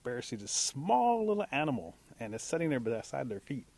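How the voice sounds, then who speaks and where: Animated male storyteller. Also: medium pitch, a little fast, gravelly. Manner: animated, acts out voices of animals. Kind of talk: oral storytelling.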